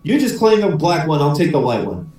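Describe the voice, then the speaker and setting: Give me a man playing a placid Irishman with a put-on Irish accent, slow and mild, from a distance. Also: fairly high pitch, very animated, heavy reverb, background noise. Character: calm easygoing Irishman farmer, mild.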